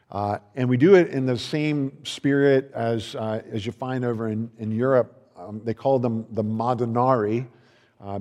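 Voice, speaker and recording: A man's voice: medium pitch, darkish tone. A male pastor giving a sermon in a loose, conversational way, with frequent restarts and playful acted-out dialogue. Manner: acts out others' voices in quoted dialogue. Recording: long reverb of a large hall.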